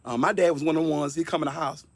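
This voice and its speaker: A man's voice: on the high side, steady tone, racing, vocal fry, no echo. A man in his fifties giving a personal testimony in an earnest, conversational way, often repeating words for emphasis. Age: 50s. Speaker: speaker sharing a personal testimony.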